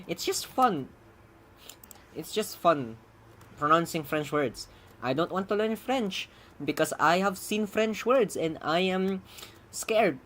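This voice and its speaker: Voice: medium pitch, slow, fairly bright tone, a little hiss or hum. A programmer giving casual live-coding commentary, rambling, chuckling and muttering while debugging, with keyboard typing behind. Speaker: programmer streaming their own coding.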